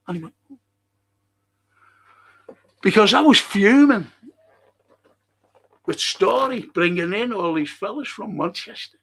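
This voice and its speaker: A man's voice: animated, moderate pace, vocal fry, pauses often, fairly bright tone, slightly rough. A middle-aged man from Liverpool with a Scouse accent, hosting a casual monologue, ranting and swearing, his voice shooting up when heated. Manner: ranting, swears freely, voice jumps much higher when heated. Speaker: show host.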